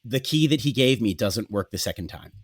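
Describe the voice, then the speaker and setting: A man's voice: fairly low pitch, a little fast, breathy edge. Brief: podcast host man, swearing storyteller, voice jumping all over. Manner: profane, animated, acts out dialogue. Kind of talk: casual comic storytelling.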